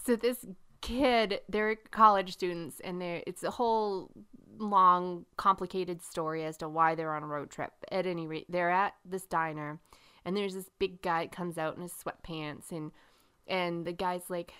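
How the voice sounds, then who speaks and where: A woman's voice: on the low side, measured pace, clear, resonant tone. A middle-aged woman co-hosting a casual chat, telling stories with lots of laughter. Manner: animated storyteller, laughs often. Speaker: podcast co-host.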